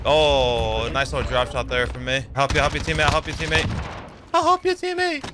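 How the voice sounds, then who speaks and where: A young man, a pro gamer, giving excitable live commentary over his own shooter gameplay. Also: mid-range voice, brisk, background noise. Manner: hyped, excitable, yelling at plays. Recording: loud game gunfire under voice. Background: shooter game gunfire.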